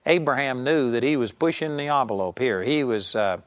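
A man's voice: mid-range voice, expressive, normal speed. A man giving an earnest, conversational Bible teaching, talking straight to his listeners with emphatic asides. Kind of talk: teaching sermon.

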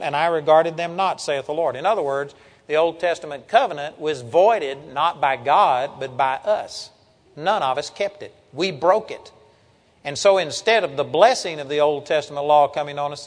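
A man's voice: a little high, in a large hall. An older man preaching a sermon, reading scripture and teaching with earnest emphasis.

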